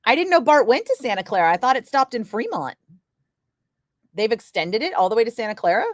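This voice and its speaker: A woman's voice: a little high, sing-song, a little fast, dry recording. Chatty woman radio DJ, dry sound. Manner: rambling, chatty, many filler words. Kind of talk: casual on-air storytelling chat. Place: radio studio.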